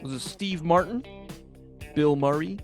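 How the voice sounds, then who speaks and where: A man's voice: on the high side, a little slow, faint music behind. A man co-hosting a podcast, chatting casually with crude jokes, swearing and laughter. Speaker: podcast co-host. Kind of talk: casual chat.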